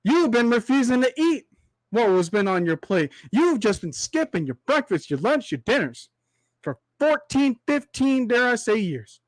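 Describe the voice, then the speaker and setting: This young livestream host has a very high-pitched voice with big swings in pitch, captured in a dry recording. He delivers a preachy, ranting monologue packed with repetitive rhetorical asides and a drawn-out extended metaphor, and his voice is tiring from talking so long.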